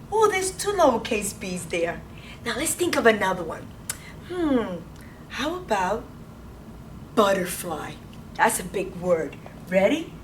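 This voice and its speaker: A woman teaching preschoolers in a classroom, talking in an animated, sing-song way and gasping with excitement. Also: a little high, distant mic, a little hiss or hum. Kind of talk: children's lesson.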